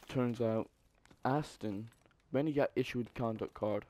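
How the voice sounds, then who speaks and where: A young man telling a story in a casual, profane, animated way, with exasperated asides. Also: mid-range voice, unhurried, a little hiss or hum. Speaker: vlogger.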